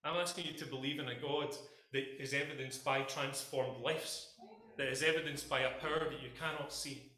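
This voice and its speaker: A man's voice: mid-range voice, fairly even intonation, moderate pace, pushed and bright. A Scottish man preaching a passionate sermon to his congregation in a church hall, speaking emphatically and addressing them directly. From Scotland. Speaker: pastor.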